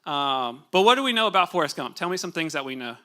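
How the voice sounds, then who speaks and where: A young man giving a casual, conversational sermon in a church, relaxed and chatty, with fillers and asides to the congregation. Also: on the high side, fast. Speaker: pastor. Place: church sanctuary.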